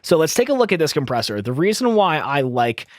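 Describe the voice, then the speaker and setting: A man's voice: on the high side, sing-song, fairly quick, no echo. A man hosting an audio tutorial, explaining step by step in an upbeat teaching manner into a close studio microphone. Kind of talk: screen-recorded audio tutorial.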